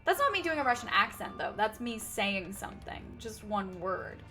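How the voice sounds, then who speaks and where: Lively chatty woman streamer. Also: medium pitch, moderate pace, faint music behind. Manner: chatty, greets chat, thinks aloud. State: sore throat, sipping tea. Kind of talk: casual game livestream chat.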